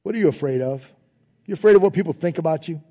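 A man preaching a sermon in informal phrasing, building to emphatic refrains and dropping to soft prayerful tones. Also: on the high side, lively intonation, fast, in a large hall, lo-fi sound. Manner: preaching with rising emphasis, repeated refrains and call-and-response. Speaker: pastor.

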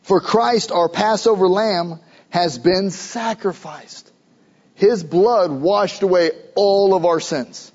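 A pastor preaching a sermon, emphatic, building to urgent questions. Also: male voice, sits high, slow pace, darkish tone, lo-fi sound.

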